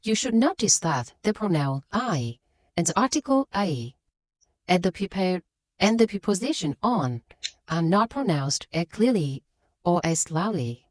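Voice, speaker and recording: A female English teacher delivers a scripted lesson at a measured pace, her fairly low voice very lively as she leans hard on stressed words. The recording is close and dry, with no echo or room sound.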